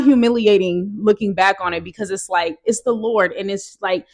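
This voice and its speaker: Young woman, vlogger, animated storytelling, casual testimony, talks to viewers directly. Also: mid-range voice, moderate pace, few pauses.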